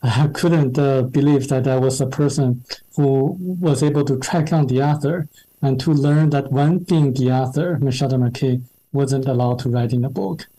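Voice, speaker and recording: A man whose first language is Chinese answers a host's questions as an interview guest. His voice is mellow and dark, and he speaks hesitantly, with frequent fillers and false starts. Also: medium pitch, moderate pace, poor audio. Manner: hesitant, many fillers and restarts. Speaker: guest, translator.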